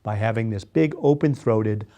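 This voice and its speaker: A man with a mellow, fairly low voice speaks at a moderate pace. He's a voice and speech exercise instructor leading a guided class, patiently coaching and demonstrating yawns and sung tones.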